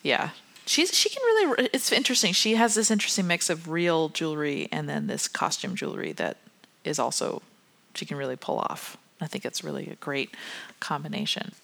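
A woman's voice: low voice, big pitch swings, moderate pace, creaky, fairly bright tone. A woman co-hosting a podcast in casual chat, talking in close detail and laughing often. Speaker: podcast co-host.

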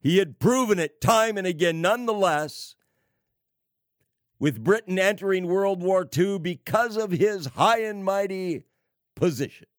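A man preaching on prophecy, slow and emphatic, with sarcastic asides and wry laughs. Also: high-pitched, no room sound, studio quality. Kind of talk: prophecy sermon.

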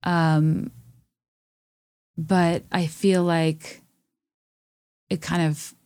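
A young woman with a low, dry-sounding voice talks casually about songs. She muses and hesitates, full of fillers. She reads lyrics aloud between her thoughts. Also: level tone, extremely slow, a little mellow, dry recording. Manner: musing, hesitant, many fillers. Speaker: music vlogger reacting to songs.

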